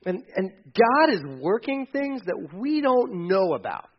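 A man preaching a sermon with a high voice. He talks in a loose, conversational way and slips into casual voices to act out quotes. The recording sounds somewhat muffled. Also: sing-song, measured pace. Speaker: pastor.

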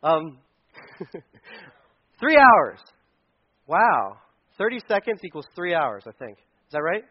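A pastor with a husky voice that's a little high preaches slowly but in a very animated way to an audience of parents. He keeps the sermon casual and joking, acting out little scenes in funny voices, and the sound quality is dull lo-fi.

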